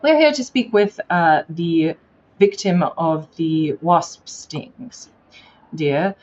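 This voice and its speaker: A woman's voice: lowish voice, animated, slow, a little mellow. A woman voicing a pompous, genteel British lady who poses as a journalist and condescendingly calls people dear, on a dull lo-fi recording. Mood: prim.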